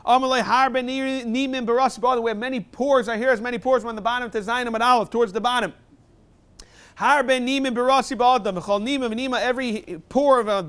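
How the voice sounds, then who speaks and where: Rabbi type, high smooth male voice, reads text then explains it quick, class review. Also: a bit bright. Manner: quick mix of read Aramaic and plain English explanation. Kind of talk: talmud class review, reading and translating.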